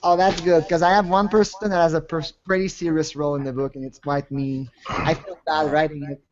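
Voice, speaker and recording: A man's voice: fairly high pitch, little pitch movement, fairly quick. A man hosting a casual group call chat, laughing often and apologizing a lot. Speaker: show host. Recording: lo-fi call audio.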